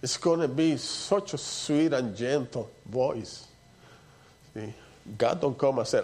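A man preaching a sermon in a conversational way, dropping to soft low asides and rising for emphatic points. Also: lively intonation, takes it slowly. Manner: conversational preaching with repeated "you know" and "see".

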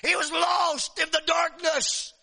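A man preaching a sermon in an emphatic, repetitive style, often shouting his phrases. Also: very high-pitched, level tone, takes it slowly, long reverb tail.

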